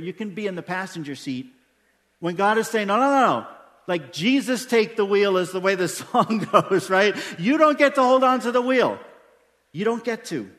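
A man's voice: high voice, fairly bright tone. A man preaching a sermon to his congregation during a service, emphatic and full of rhetorical questions. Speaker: pastor. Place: church sanctuary during a service. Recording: long church-hall reverb.

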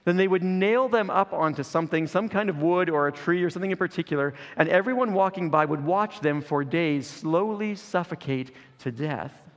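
A man's voice: high-pitched, moderate pace, hardly any pauses. Earnest male preacher in a reverberant hall. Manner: earnest, builds through repeated phrases. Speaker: pastor. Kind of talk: sermon.

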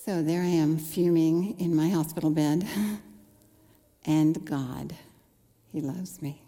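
A woman's voice: low voice, steady tone, slow, dark tone. Earnest woman preaching in a reverberant hall. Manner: earnest storytelling, acting out her own past thoughts. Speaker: speaker. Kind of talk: personal testimony sermon.

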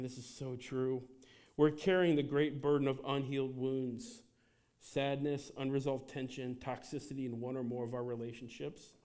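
Male pastor, 30s, casual and conversational sermon delivery, frequent fillers and restarts, animated asides. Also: mid-range voice. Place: church sanctuary.

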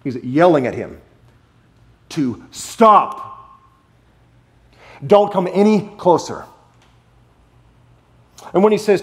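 Emphatic male preacher with lively pitch. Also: slow pace, pauses often. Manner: emphatic, repeats key phrases, swings between loud and hushed. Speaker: pastor. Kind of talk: sermon.

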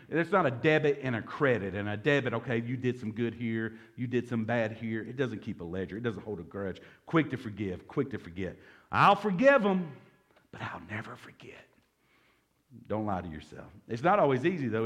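A man preaches a sermon as pastor. His pitch swings widely, and his tone is casual and joking as he asks the congregation for responses. He sits in the middle range for a man's voice. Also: expressive, fairly quick. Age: 40s. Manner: conversational, joking, calls for audience response.

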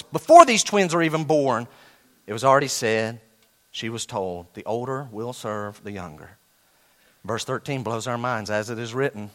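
A man preaching with a bright, forceful tone, pitched a little high for a man. He swings from loud, emphatic lines to low, quiet asides, and reads scripture slowly, word by word. He talks straight to the congregation in a casual, teasing way. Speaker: pastor. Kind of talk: sermon.

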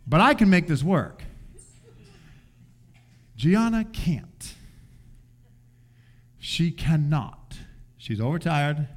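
An older man preaching, telling a family story in an animated way and acting out voices. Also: a little high, very slow, pauses often. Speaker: pastor. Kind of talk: sermon storytelling.

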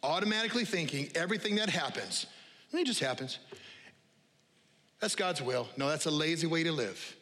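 A male pastor preaching a lively, conversational sermon to a congregation, repeating key phrases and dropping humorous asides. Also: fairly high pitch, a little fast, long pauses. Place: church auditorium with live congregation. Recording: long hall reverb.

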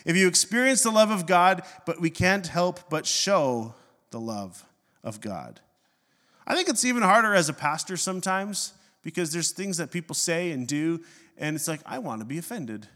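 A middle-aged man, a pastor, preaching a sermon and telling a personal story with self-mocking humor and animated swings in his delivery. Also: high voice, normal speed. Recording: long hall reverb.

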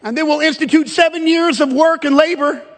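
A man preaching a sermon, animated and emphatic, joking with the congregation between scripture readings. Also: very high voice, brisk. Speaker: pastor. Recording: long hall reverb.

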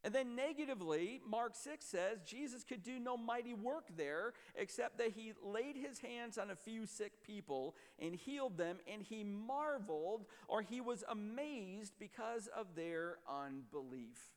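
A man preaching a sermon as a pastor, emphatic and explanatory, often dropping to a low, quiet voice. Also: lively intonation, unhurried, few pauses, long reverb tail.

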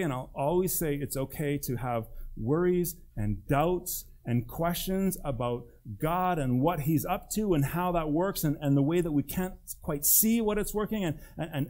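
A male pastor delivers a sermon in a fairly high, lively voice. He speaks conversationally, stresses key points emphatically, and puts questions to his listeners. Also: moderate pace. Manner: conversational, questions the congregation directly; emphatic, with acted-out quotes.

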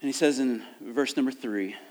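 A man's voice: mid-range voice, normal speed, darkish tone. A middle-aged man preaching a sermon in an easygoing, conversational tone. He drifts from careful scripture reading into casual asides and self-aware dad jokes, and his voice rises and falls with emotion. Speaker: pastor.

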